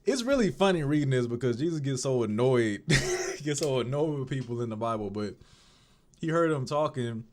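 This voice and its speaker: A man's voice: mid-range voice, lively intonation, normal speed, darkish tone. A man giving a rambling, conversational diary-style talk about his faith, often searching for his words. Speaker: video diarist. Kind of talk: casual reflective talk on faith.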